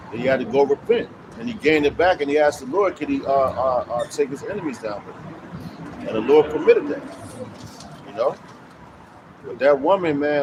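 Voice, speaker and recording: A man street preaching in loose, slangy talk, cursing as he explains scripture outdoors. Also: mid-range voice. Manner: slangy, swearing, loose and conversational. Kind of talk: street preaching with casual commentary. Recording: noisy street with traffic. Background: traffic noise.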